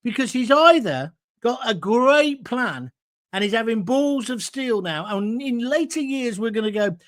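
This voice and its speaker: A man's voice: very high voice, big pitch swings, measured pace, a bit bright. A man hosting his own show, delivering a combative, sarcastic political rant. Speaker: host.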